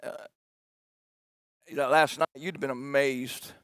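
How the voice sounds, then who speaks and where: A middle-aged man, a pastor preaching a sermon that swings between shouted emphasis and quiet storytelling. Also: medium pitch, fairly even intonation, unhurried, clear, resonant tone, no echo, studio quality.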